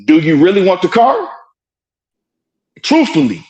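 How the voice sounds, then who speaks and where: A man argues his point insistently on a live stream, his voice sitting a little high for a man. He keeps circling back with "right?" and cuts in with repeated "hold on", heard through an earbud mic. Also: very animated, moderate pace, long pauses, husky, poor audio. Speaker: boxing commentator in a live stream debate. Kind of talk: heated debate on a live stream.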